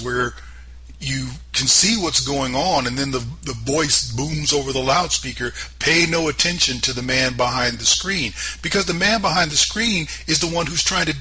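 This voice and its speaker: A man with a somewhat high, sharp voice hosts a political commentary show, recorded with poor audio. His opinionated monologue is emphatic, full of sarcastic rhetorical questions and mocking asides.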